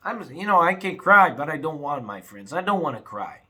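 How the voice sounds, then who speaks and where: A young man talking casually to his viewers, swinging between angry outbursts and low, sad muttering, full of "you know" and "man". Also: very animated, a little fast, sharp tone, slightly rough. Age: young adult. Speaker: vlogger. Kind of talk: casual rant to camera.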